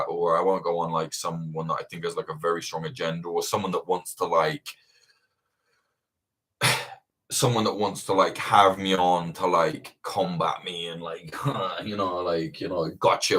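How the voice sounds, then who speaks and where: A young man hosting a livestream Q&A, chatting casually, swearing a lot and ranting with animated energy. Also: deep voice. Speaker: livestream host answering viewer questions. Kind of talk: casual chat.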